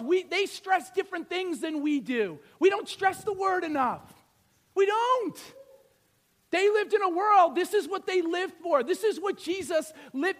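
A man in his thirties preaching a sermon, swinging between loud emphatic lines and hushed asides, often asking the audience questions. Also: very high voice.

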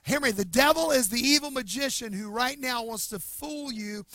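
A man pastor preaching a sermon with emphasis, swinging between loud bursts and hushed, slow lines. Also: very high voice, no room sound.

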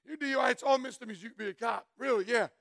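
A middle-aged man from Florida, giving a loud, emphatic testimony as a preacher, shouting for emphasis. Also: very high-pitched, very fast, gravelly, dry recording, clean studio sound. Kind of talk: sermon testimony.

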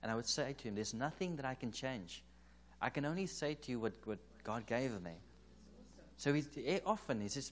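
A man's voice: mid-range voice, lively intonation, fairly quick. South African man preaching through a story. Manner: anecdotal, re-enacts dialogue, chuckles often. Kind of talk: conference sermon, storytelling. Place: church or conference hall.

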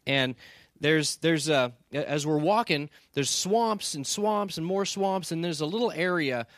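A man telling a lively story with many restarts, building toward a lesson. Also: a little high, unhurried, no echo, studio quality. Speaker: speaker. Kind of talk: storytelling sermon.

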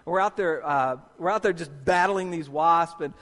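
A man preaches in a high, bright-edged voice, telling his story with lively, acted-out reactions. His words ring with the long reverb of a large hall. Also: normal speed. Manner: animated storyteller, acts out his own reactions. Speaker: pastor. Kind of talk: sermon with personal anecdote.

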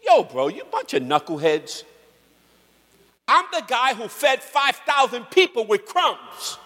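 A preacher playing an exasperated streetwise Jesus. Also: male voice, extremely high pitch, sing-song, unhurried, pushed and bright, big-room sound, voice pushed up, heavily acted. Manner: slangy, mock-exasperated. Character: streetwise Jesus scolding his disciples, man.

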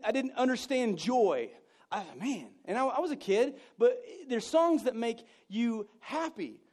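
A pastor in his late thirties preaches with lively, animated storytelling, slipping into playful asides and laughing along with his own stories. His voice sits a little higher than most men's. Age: 30s. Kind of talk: sermon.

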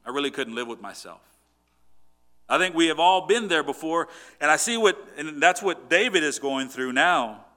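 Bright-voiced, earnest male preacher. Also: fairly high pitch. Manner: earnest, conversational, frequent restarts. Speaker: pastor. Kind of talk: sermon.

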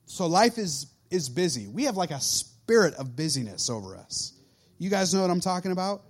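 Man, 30s, youth pastor, sermon, animated, lively swooping delivery. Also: sits high, normal speed. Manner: animated preaching, acting out quoted voices.

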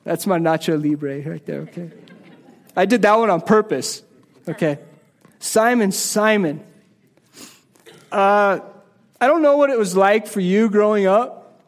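A man's voice: high-pitched, normal speed. A man preaching a sermon in a casual, conversational way, often repeating and restarting words as he explains a Bible passage. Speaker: pastor.

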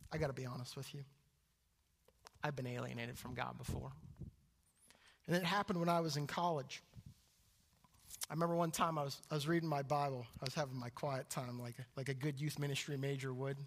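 A young adult man preaching a sermon, jumping to loud high exclamations and dropping to hushed low asides. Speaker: pastor.

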